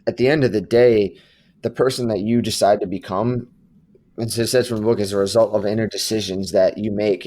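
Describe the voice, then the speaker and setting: A man's voice: fairly low pitch, a little mellow. A man co-hosting a podcast, talking reflectively in casual discussion with some hesitations. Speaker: podcast co-host.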